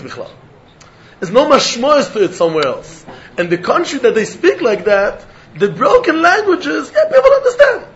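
A man's voice: high voice, fairly bright tone, lo-fi sound, slight background noise. A man teaching a Talmud lecture, repeating phrases and mixing in Hebrew and terms.

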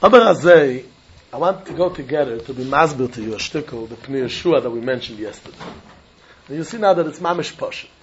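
A man teaching a Talmud class, animated and questioning, mixing in Yiddish and Hebrew terms. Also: medium pitch, brisk, highs cut off, slight background noise.

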